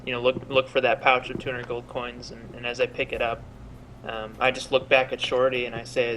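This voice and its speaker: A man's voice: medium pitch, completely flat delivery, a little fast, fairly bright tone, slight background noise, rough recording. A man playing a tabletop game, hesitant, turning formal when in character. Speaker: player. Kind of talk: tabletop role-play.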